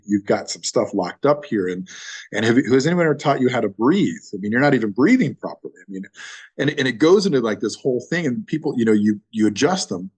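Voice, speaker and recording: Male guest, husky and emphatic, talks with enthusiastic casual swearing. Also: mid-range voice, darkish tone. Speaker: podcast guest. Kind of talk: casual conversational interview.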